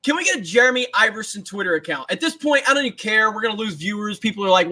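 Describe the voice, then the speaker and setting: A young man hosting a casual livestream, ranting in an excited, repetitive way and often breaking into laughter. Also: high-pitched, very fast, hardly any pauses. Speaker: host.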